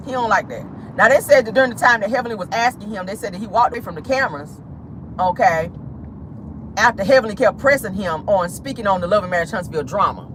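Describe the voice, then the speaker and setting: A woman's voice: mid-range voice, fast talker, a little hiss or hum. Sassy woman dishing celebrity gossip. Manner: animated, sassy, laughing, addresses viewers as y'all. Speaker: host. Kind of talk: casual celebrity gossip commentary.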